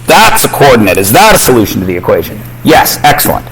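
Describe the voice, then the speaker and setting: A man's voice: medium pitch, wildly swooping pitch, fast talker, fairly bright tone, slight background noise, poor audio. A man teaching a math class, quizzing students and cracking jokes. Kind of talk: classroom lesson.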